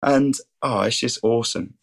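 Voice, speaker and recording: A man's voice: mid-range voice, moderate pace, gravelly. Eager young man telling faith stories. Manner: enthusiastic, keeps saying things are awesome. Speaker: podcast guest, student and rugby player.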